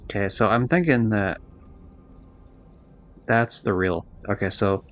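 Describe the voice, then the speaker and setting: Deep-voiced man rambling while gaming. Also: slow, a bit bright. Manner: rambling, loose, swears freely. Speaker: streamer. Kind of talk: casual live-stream chat while gaming.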